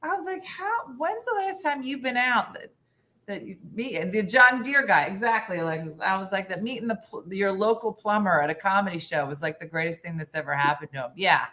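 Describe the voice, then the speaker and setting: Lively bright-voiced woman telling a story. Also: a little fast. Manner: animated, does loud shrill impressions of friends. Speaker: comedian and host. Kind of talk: casual storytelling while baking. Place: home kitchen.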